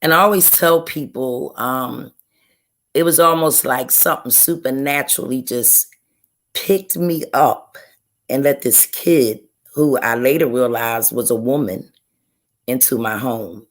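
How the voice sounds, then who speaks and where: A woman, a guest author, sharing an emotional personal testimony in an interview, telling it slowly and earnestly and often repeating her phrases. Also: extremely low pitch.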